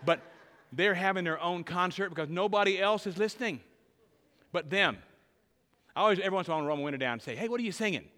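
A man preaching a sermon in a church sanctuary, his bright, forceful voice carrying a long hall reverb. He moves between loud emphatic declarations and quiet, tender stretches. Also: sits high, quick pace, pauses often. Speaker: pastor.

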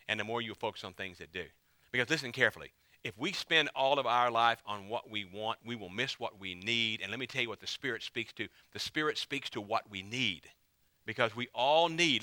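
A male pastor preaching with a very bright, forceful edge to his voice. He leans hard on key phrases and repeats them for emphasis. The sound is close and dry, with no room echo. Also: mid-range voice. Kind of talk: sermon.

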